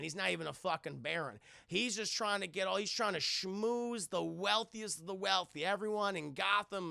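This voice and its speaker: A man's voice: high-pitched, gravelly, bright, forceful tone, no room sound, studio quality. A male streamer giving a rambling, profane recap of a cartoon episode, constantly addressing his chat.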